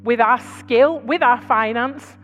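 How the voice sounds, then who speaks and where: A British woman preaching to her church, telling stories in a chatty, conversational way with quick asides. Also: on the high side, long reverb tail, soft background music. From Britain. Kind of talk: sermon. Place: large church hall.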